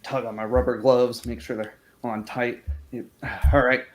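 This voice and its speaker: A man's voice: mid-range voice, level tone, measured pace. A man playing a tabletop sci-fi game, describing his character's actions casually and swearing now and then. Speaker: player.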